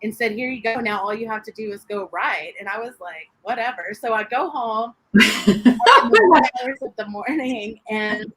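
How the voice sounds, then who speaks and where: Bright-voiced woman telling her story. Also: on the high side, a little slow, slight background noise, low-quality recording. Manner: animated storyteller, laughs often, acts out quotes. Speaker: interview guest. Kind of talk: personal faith testimony in an interview.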